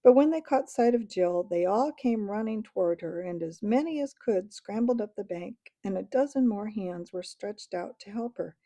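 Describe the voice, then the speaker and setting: A woman reading a storybook aloud in a gentle, measured way. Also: mid-range voice, lively intonation, no echo. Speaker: audiobook reader.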